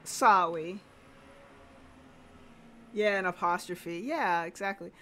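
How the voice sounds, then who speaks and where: A woman's voice: lowish voice, slow pace, pushed and bright. A woman streaming a game live, reading lines aloud and chatting in an amused, questioning way.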